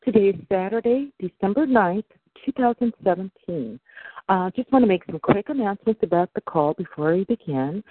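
A woman hosting a call-in show and interviewing a guest, speaking in a measured, formal way with frequent fillers. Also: mid-range voice, lively intonation, no echo. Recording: tinny phone line.

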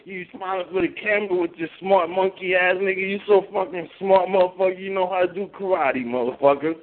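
A male host trash-talking in crude, profane banter, loud and taunting. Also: high-pitched, steady tone, fast. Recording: tinny phone-line sound with faint noise.

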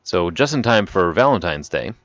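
A man co-hosting a casual podcast, reading listener emails aloud and cracking deadpan jokes. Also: low-pitched, normal speed, no echo, muffled recording. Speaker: podcast co-host. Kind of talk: casual chat.

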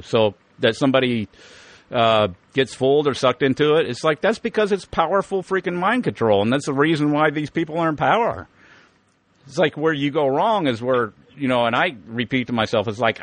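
Middle-aged male podcast host, rambling and profane, stammers and restarts, mid-pitched voice, dry close mic. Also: fairly bright tone, dry recording. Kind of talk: casual monologue.

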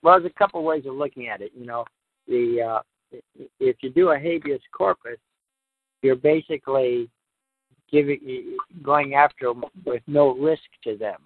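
A man hosting a call-in show and answering questions in a halting way, with restarts. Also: mid-range voice, dry recording. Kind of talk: call-in radio talk. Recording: tinny phone-like line, dry.

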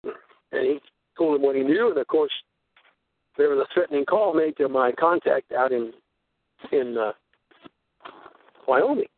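A man's voice: mid-range voice, unhurried, long pauses, no room sound. An older man hosting a radio show, telling long rambling stories and acting out the voices of the people in them. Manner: rambling storyteller, acts out voices in quotes. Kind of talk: conspiracy talk radio monologue. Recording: tinny phone-line radio sound.

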